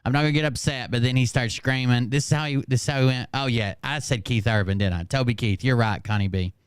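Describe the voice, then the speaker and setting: Sarcastic Southern man, smooth, dry voice. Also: medium pitch, a little fast, no echo. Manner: sarcastic, profane, mocking. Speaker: host. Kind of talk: casual commentary.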